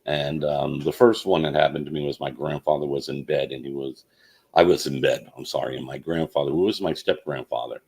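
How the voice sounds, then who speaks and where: Man with a very deep voice, halting. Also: fairly even intonation, gravelly, a little mellow, slightly rough. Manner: halting, many fillers and restarts. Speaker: channel host. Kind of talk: personal storytelling monologue.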